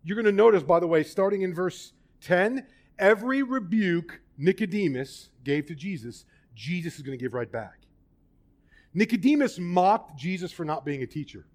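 A man preaching a sermon, emphatic and animated, putting questions to the congregation. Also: high-pitched, normal speed.

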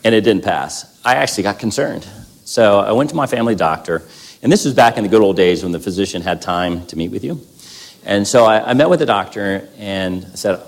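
Low-voiced man giving a candid testimony. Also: fairly quick, creaky. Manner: candid, self-deprecating humor. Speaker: speaker at a gathering. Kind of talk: personal testimony talk with scripture reading.

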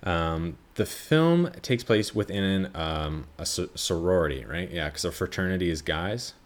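Podcast host, male, very low voice, loose rambling movie chat, swears, keeps correcting himself. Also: expressive, a little slow. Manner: rambling, chatty, self-correcting, swears freely. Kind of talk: casual movie review chat.

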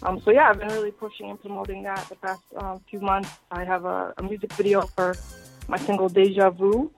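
A woman's voice: mid-range voice, little pitch movement, a little fast, gravelly, faint music behind. A woman from Boston who is an R&B singer and songwriter, answering radio interview questions in a friendly way with frequent ums. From Boston, Massachusetts.

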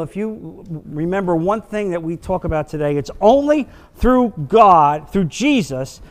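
A man's voice: sits high, expressive, unhurried, big-room sound. A man teaching a Bible class, reading scripture in an emphatic, dramatic way.

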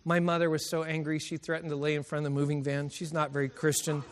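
Crowd noise accompanies a slightly high, monotone male voice talking fast. He is a middle-aged preacher recounting personal stories in a college chapel sermon, emotional and often laughing, recorded with long chapel reverb.

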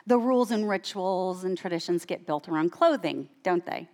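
Animated woman preacher telling a story. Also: normal speed, few pauses. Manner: animated, rising to high emphatic peaks. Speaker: guest speaker and women's Bible teacher. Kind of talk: sermon storytelling.

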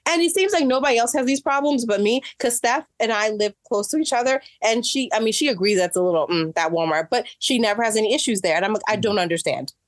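A woman telling a story in casual chat, animated and acting out what people said, getting exasperated as she goes. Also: on the high side, fast, few pauses, no room sound, studio quality. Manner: animated, acts out quotes, rising exasperation. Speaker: guest.

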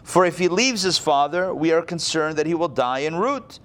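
A man voicing Judah, a grown man pleading earnestly yet forcefully before a ruler. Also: on the high side, lively intonation, normal speed.

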